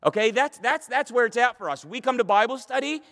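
Male pastor, high voice, impassioned sermon delivery, long hall reverb. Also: lively intonation, a little fast, a bit bright. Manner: impassioned, repeats and restarts phrases.

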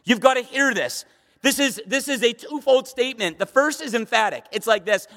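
A middle-aged man preaching as pastor, with emphatic delivery that climbs to urgent high bursts. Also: animated, fairly quick, pushed and bright. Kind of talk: sermon. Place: church sanctuary. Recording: long reverb of a church hall.

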